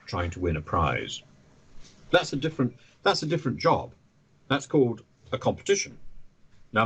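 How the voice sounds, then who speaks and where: A man talking as a podcast guest, animated, often stammering and restarting his sentences. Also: fairly low pitch, a little hiss or hum. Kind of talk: conversational podcast interview.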